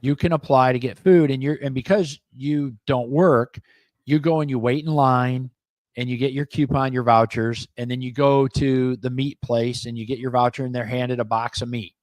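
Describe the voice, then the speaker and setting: A middle-aged man co-hosting a local talk show, speaking bluntly in animated, opinionated casual chat and acting out the people he quotes. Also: mid-range voice, moderate pace, dry recording. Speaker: co-host and business owner.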